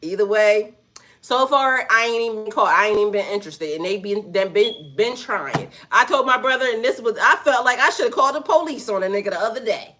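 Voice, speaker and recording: A woman with a grown son telling a story to her viewers in a blunt, profane, animated way, full of asides. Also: medium pitch, a little fast. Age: adult with a son. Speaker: spiritual vlogger. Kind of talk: casual storytime rant.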